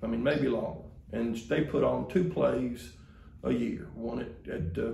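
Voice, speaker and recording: Gravelly preacher. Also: male voice, medium pitch, a little mellow, reverberant. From Mississippi, US. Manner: folksy storytelling, conversational. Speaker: pastor. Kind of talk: sermon.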